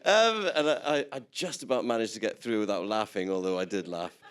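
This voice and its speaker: Easygoing man with a low voice. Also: lively intonation, fast, clear, resonant tone. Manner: laughing, easygoing storyteller. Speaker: actor guest. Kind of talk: casual anecdotes in a press Q&A.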